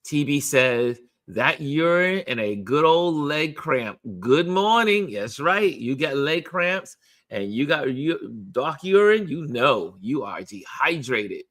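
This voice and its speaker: A man's voice: on the high side, takes it slowly. A man hosting a daily live stream, chatting casually and reading out viewer comments, repeating phrases in a chatty way. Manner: chatty, repeats phrases, lively sing-song delivery. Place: New York.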